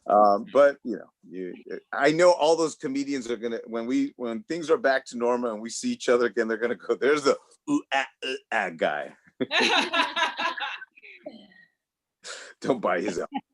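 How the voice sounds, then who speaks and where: A man's voice: medium pitch, very animated, normal speed, pauses often, no room sound. A man from Los Angeles doing a loose, rambling stand-up set over a video call, often laughing at his own jokes. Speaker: stand-up comedian. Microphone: home computer mic on a video call.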